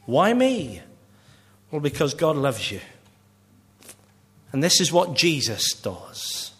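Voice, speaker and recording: A man with a Northern Irish accent delivers a sermon. His voice sits a touch high for a man, and he leans into key words by slowing right down. He often lets the ends of his phrases fall away soft and quiet. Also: lively intonation. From Northern Ireland. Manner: earnest, slows down for emphasis, drops quiet at phrase ends. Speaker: pastor.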